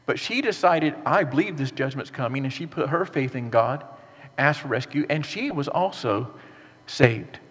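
Male pastor, slightly high voice, lively sermon delivery, long hall reverb. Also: slightly rough. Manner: earnest, animated preaching with rhetorical questions.

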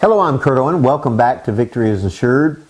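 A man's voice: mid-range voice, animated, quick pace, faint music behind. A man teaching a sermon from the Bible, earnest and casual, bringing the scenes to life with vivid retellings.

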